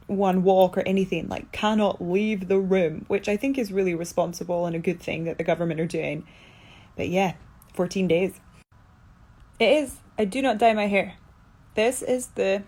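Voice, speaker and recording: A Scottish woman, an actress from Scotland, answering fan questions in a casual, low-energy and sleepy chatty way from a room indoors. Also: a little mellow. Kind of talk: casual Q&A chat. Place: indoor room during quarantine.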